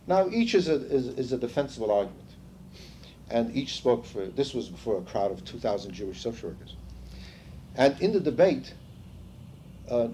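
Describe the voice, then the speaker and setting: A man's voice: medium pitch, mellow, a little hiss or hum. An older man leading a seminar in a conversational lecture style. He tells stories, drops in asides and "you see", and quizzes the group. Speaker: seminar leader.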